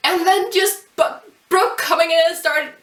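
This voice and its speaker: A high, bright-voiced young woman gushes over an anime episode in a casual review video, excitable and quick to laugh. She sits back from the mic, so her voice carries a roomy echo. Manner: gushing, excitable fangirling with laughs and exclamations. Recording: roomy sound from a distance off the mic.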